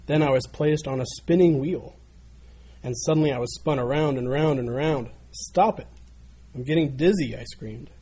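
A man's voice: mid-range voice, steady tone, a little fast, mellow, husky, natural voice. A man voicing a talking teacup that tells how it suffered in the potter's hands, pleading and crying out.

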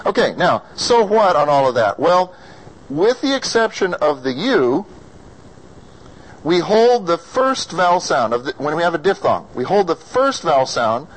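Male voice teacher, American, fairly high voice, slow and deliberate, sounding out vowels for a class. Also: poor audio. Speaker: singing or diction teacher.

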